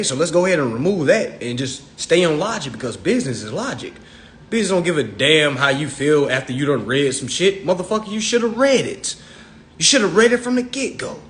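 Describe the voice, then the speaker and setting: A man's voice: on the high side, slight background noise. Blunt profane man ranting on a live. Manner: blunt, profane, preachy, quotes imagined dialogue. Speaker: social media live host. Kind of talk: unscripted livestream rant.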